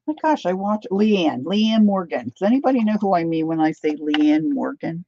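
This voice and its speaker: A woman's voice: on the low side, animated, moderate pace, mellow, no echo. A middle-aged woman chatting casually with viewers while she paints, greeting them by name and laughing often. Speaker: artist livestreaming her painting. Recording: slightly dull lo-fi sound.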